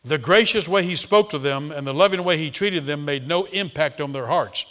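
A man's voice: on the high side, moderate pace, a bit bright. A man preaching a sermon, reading and explaining a passage, often repeating words as he starts a thought. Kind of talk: expository sermon.

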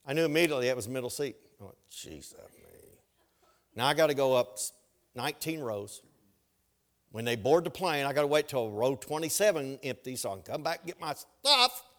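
A pastor preaches a sermon, telling humorous stories and making asides to ask the congregation whether they're following. He speaks at medium pitch, briskly, with lively intonation and a slightly bright tone.

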